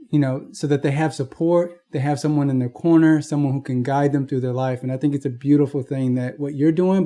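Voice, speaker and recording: A man interviewing a boxer, with an earnest, affirming manner. His voice is mellow and dark in tone, at an ordinary pitch. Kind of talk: reflective interview commentary.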